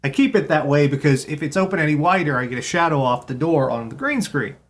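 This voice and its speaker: Lively, high-voiced male radio host. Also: fast talker. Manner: chatty, talks to his cat in a soft baby voice. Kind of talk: casual live radio chat.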